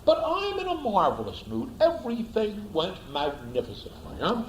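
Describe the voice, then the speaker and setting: A man lectures through a story in an animated, emphatic way, and his pitch swings freely and sits somewhat high. He repeats key words to drive them home. His voice echoes around a roomy lecture space, with a faint hiss behind it. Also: normal speed. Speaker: speaker, lecturer.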